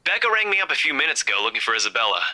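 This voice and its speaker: An earnest young cop friend with a very bright, sharp tone, as a man puts him on while reading a game aloud. He speaks in a crisp, businesslike way with a friendly edge. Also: mid-range voice, big pitch swings, racing, poor audio. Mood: serious. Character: brisk young male police friend, earnest.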